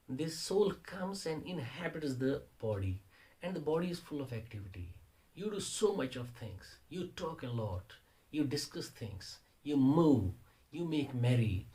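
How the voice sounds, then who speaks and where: A man's voice: on the high side, big pitch swings, measured pace, mellow, low-quality recording. A man, a teacher explaining a poem in a lesson, restating lines and rephrasing phrases as he goes. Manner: repeats and rephrases phrases while searching for words. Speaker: English teacher.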